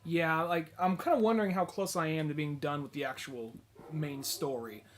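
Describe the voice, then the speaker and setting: High-voiced joking podcast cohost. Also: male voice. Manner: jokey, eggs on the other host with quick quips. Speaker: podcast co-host. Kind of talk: casual chat about video games.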